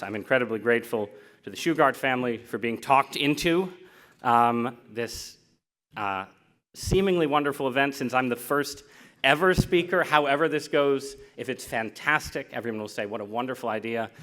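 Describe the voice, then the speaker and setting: A man's voice: medium pitch, bright, forceful tone. An American man giving a public lecture as guest speaker, joking at his own expense and often restarting his sentences. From United States. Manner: self-deprecating, joking, with restarts. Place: lecture hall.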